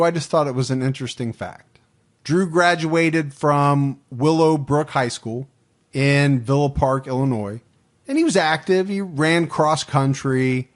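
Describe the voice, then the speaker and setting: A man hosting a true crime podcast, reading out supporter names and case facts in a dry, matter-of-fact way. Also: a little high. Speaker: podcast host.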